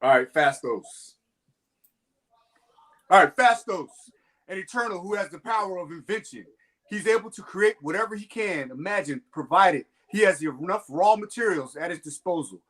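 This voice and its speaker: High, lively man in casual chat. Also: moderate pace. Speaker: podcast co-host.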